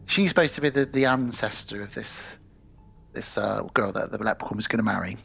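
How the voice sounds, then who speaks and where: A man co-hosting a podcast, retelling a film plot in animated, sweary casual chat. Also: on the low side, brisk, vocal fry, husky, dull audio, faint music behind. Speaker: podcast co-host.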